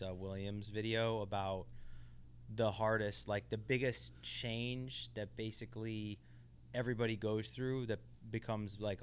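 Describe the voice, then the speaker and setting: A man's voice: fairly low pitch, slight background noise. A man co-hosting a casual podcast, reflecting and explaining ideas at length. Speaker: podcast co-host. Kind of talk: casual conversation.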